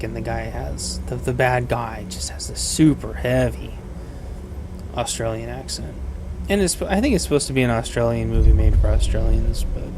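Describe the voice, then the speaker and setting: A man giving casual game commentary as a vlogger, rambling and enthusiastic, often breaking off and restarting. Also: medium pitch. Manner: rambling, enthusiastic, self-interrupting. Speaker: gaming vlogger. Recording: voice over loud game audio and noise. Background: video game sound.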